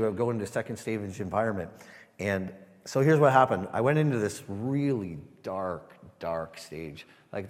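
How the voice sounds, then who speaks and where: A man giving a sermon testimony, halting and repeating words as he speaks to a church. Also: on the low side, in a large hall. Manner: halting, repeats words, asks the room "Amen?".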